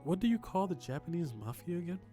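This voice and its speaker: A man's voice: sits high, sing-song, fast talker, dark tone, soft background music. A man reading a narrative game's text aloud and making joking asides as he plays. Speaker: streamer reading a game aloud. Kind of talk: casual game narration and chat.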